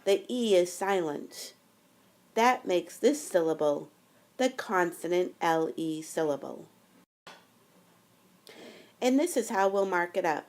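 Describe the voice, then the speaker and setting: A woman teaching a phonics tutorial, explaining step by step in a careful, deliberate way. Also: on the low side, expressive, a little mellow.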